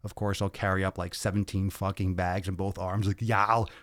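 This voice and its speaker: A male podcast host, out of breath, chatting casually on a livestream and reading viewer comments in an energetic, profane, rambling way into a podcast mic. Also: low voice, fairly quick, no echo, clean studio sound. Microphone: podcast microphone.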